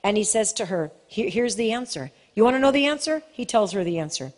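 A woman preaching a sermon with passion, pressing hard on key phrases and slowing for emphasis. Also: medium pitch, expressive, a little mellow. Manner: passionate, shifts between fast and slow emphatic delivery. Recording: long hall reverb.

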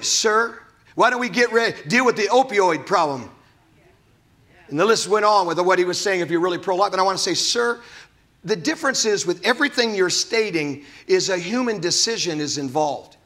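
A man's voice: lively intonation, moderate pace, sharp tone. A man preaching a sermon at a church service, emphatic and fiery, repeating words as he gets worked up. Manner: fiery, emphatic preaching with sudden high bursts. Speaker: pastor.

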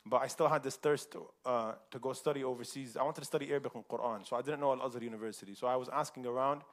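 A man's voice: medium pitch, steady tone, very fast. A man from the United States telling a personal story in a casual, chatty way at a community forum, laughing often.

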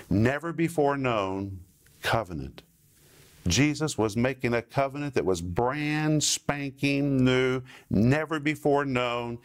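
Man preaching with slow deliberate emphasis. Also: medium pitch. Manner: slow deliberate emphasis, explaining Greek words. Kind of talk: sermon teaching.

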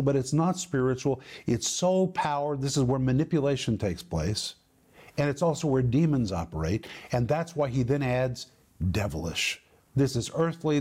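A man teaching from scripture in a sermon, emphatic, repeating key words and slowing down to stress them. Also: mid-range voice, a little mellow. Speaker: Bible teacher.

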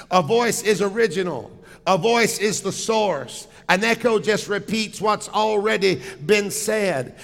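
High, gravelly preacher in a reverberant church. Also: male voice, fairly bright tone. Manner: emphatic preacher calling out to the congregation. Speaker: pastor. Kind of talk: sermon. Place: church sanctuary.

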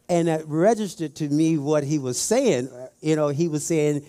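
A man's voice: fairly high pitch, animated, moderate pace, warm tone. A middle-aged man preaching a conversational sermon, telling stories and putting questions straight to his listeners. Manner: folksy, storytelling, addresses the audience directly.

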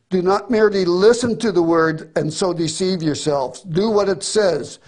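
A man's voice: on the high side, a little mellow. A middle-aged man preaching a sermon, reading scripture with earnest emphasis.

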